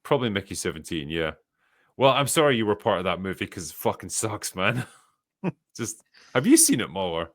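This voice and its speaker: A Scottish man with a somewhat low voice hosts a casual podcast chat, reading viewer messages aloud and replying with dry, profane, sardonic quips. His intonation is lively, his pace normal and his tone fairly bright. The sound is dry and close-miked, with no room sound.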